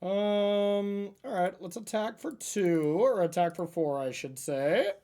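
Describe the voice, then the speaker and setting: A man streaming a card game, thinking aloud about his plays in a relaxed, chatty way. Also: sits high, slow pace. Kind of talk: casual gameplay commentary.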